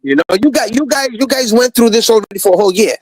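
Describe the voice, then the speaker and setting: A man's voice: very high voice, animated, quick pace, darkish tone, low-quality recording. A man ranting profanely in a heated live-stream chat, repeating himself as he airs a grudge. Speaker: stream participant.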